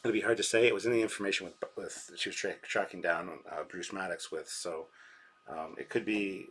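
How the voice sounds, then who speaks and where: A man's voice: deep voice, steady tone, fairly quick, a bit bright, slight background noise. A man hosting a live reaction stream, rambling casually and reading out viewers' chat messages and donations.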